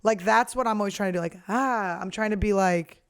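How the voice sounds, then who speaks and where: A woman's voice: medium pitch, brisk, clean tone, no echo, studio quality. A woman comedian talking in a casual monologue, blunt and profane as she rants. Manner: blunt, profane, lively ranting. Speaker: professional comedian, podcast host.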